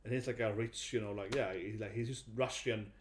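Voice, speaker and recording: A man's voice: fairly low pitch, fairly even intonation, a little fast, slight background noise. A young man from Sweden talking casually to camera in a rambling monologue, with lots of fillers and tag questions like "right?". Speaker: vlogger.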